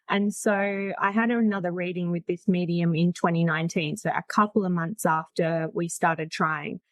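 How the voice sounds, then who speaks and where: A woman's voice: on the low side, no echo. A woman in her forties, a podcast guest, telling her story in a chatty, frank way and laughing easily. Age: 40s. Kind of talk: casual storytelling.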